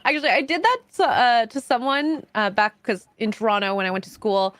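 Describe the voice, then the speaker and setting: A woman's voice: fairly high pitch, expressive, brisk, a bit bright, no room sound. A woman streamer chatting casually, giggling as she tells a story. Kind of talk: casual chat.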